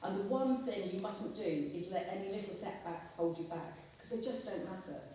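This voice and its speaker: Storyteller, mellow low-key timbre, far off in an echoey hall. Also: moderate pace, a little hiss or hum. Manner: lively storyteller, acts out quotes. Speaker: guest speaker, former journalist. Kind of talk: anecdotal school talk. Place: school hall. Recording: echoey school hall from afar.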